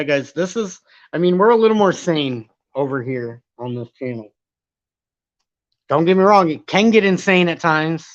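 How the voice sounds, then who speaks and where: A man's voice: on the high side, dry recording. Rambling, swearing man on a live stream. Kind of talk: casual live-stream commentary reading chat. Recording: dull lo-fi stream audio.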